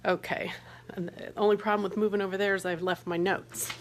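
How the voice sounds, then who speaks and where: A woman's voice: medium pitch, flat delivery, a little fast. A woman talking casually to her phone camera in a hotel room, telling a story in a chatty way. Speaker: vlogger.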